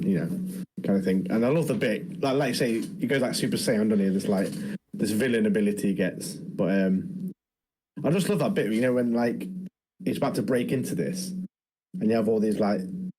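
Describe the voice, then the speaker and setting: A man's voice: lowish voice, brisk, dark tone, slight background noise, low-quality recording. A man co-hosting a podcast in casual chat, chatty and full of fillers. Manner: chatty, strings thoughts together with many fillers. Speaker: podcast co-host.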